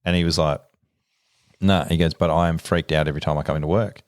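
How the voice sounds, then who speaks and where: A man's voice: rumbling low, fast, smooth, no room sound. An Australian man, a police officer, chatting casually on a podcast and telling stories with acted-out dialogue and frequent laughs. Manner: animated storyteller, acts out quoted dialogue, laughs often.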